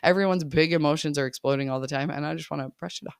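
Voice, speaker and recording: A woman's voice: low-pitched, very fast, vocal fry, smooth, no echo, studio quality. A woman podcast host talking casually as a life coach, chatty, often laughing and checking in with listeners.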